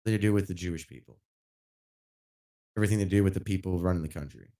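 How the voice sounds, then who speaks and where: A man's voice: sits low, fast. Blunt, profane man streaming. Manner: blunt and profane, rising loud when worked up. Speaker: gaming livestreamer. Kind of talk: casual rant while streaming.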